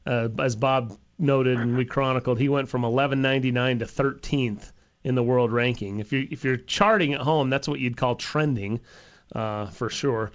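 A man on a golf broadcast, chatting casually with wry, deadpan jokes. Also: mid-range voice, normal speed, highs cut off.

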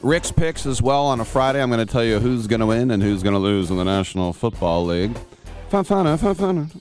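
Guy hosting sports talk radio, goofy rambling bits, kinda low voice, a little music under it. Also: fast, darkish tone. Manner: jokey, rambling, wisecracking. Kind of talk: radio show intro.

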